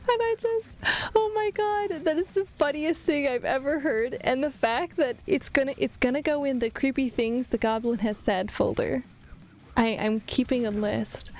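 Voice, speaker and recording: A woman's voice: high voice, moderate pace, darkish tone, slight background noise. A young woman chatting casually with her stream while she draws, rambling and laughing often. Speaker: vtuber art streamer. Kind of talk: casual livestream chat while drawing.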